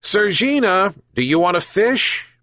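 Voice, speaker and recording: A man playing a kindly old fisherman who calls out loudly to his dog and cat. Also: sits high, big pitch swings, a little slow, no room sound, studio quality, pitched above the performer's own voice, heavily acted. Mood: calling. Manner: calling out loudly.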